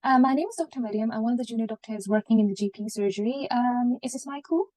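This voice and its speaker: A woman role-playing a junior doctor, speaking gently and reassuringly with many okays. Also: on the high side, fast, dry recording, close to an everyday voice.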